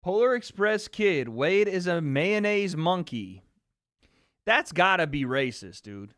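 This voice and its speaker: Bright, joking livestream host man. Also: sits high, sing-song, no room sound, clean studio sound. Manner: joking, profane, quick asides to chat. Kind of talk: casual livestream commentary. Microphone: streaming microphone.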